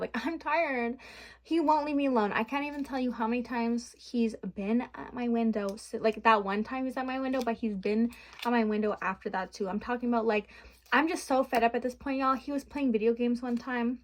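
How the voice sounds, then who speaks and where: A young adult woman vlogging from her bedroom, rambling frankly and venting with swearing in a casual chat. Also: on the high side.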